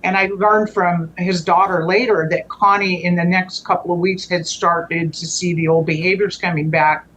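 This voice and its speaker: A woman's voice: fairly low pitch, steady tone, normal speed, hardly any pauses, fairly bright tone, dull audio. Earnest woman guest telling a rambling story. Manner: rambling, frequent restarts and self-corrections. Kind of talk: conversational storytelling.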